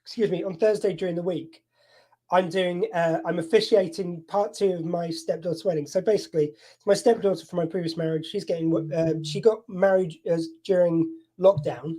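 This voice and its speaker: A man's voice: high-pitched, steady tone, a little fast, mellow. A man from the United Kingdom, hosting a casual chat in a wry, teasing manner.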